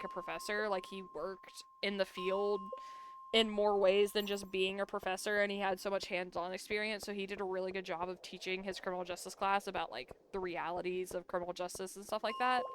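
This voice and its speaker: A woman's voice: medium pitch, slight background noise. A young woman streaming a farming game, chatting casually and telling stories about college with lots of "like". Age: young adult. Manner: chatty, says "like" a lot, yawns between stories. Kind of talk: casual storytelling while gaming.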